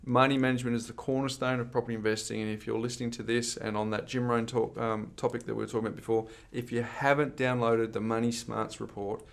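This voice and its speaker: A man's voice: mid-range voice, flat delivery, quick pace, creaky, hardly any pauses. An Australian man co-hosting a property podcast, upbeat and teasing as he plugs events and the website. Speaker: podcast co-host. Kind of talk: casual chat.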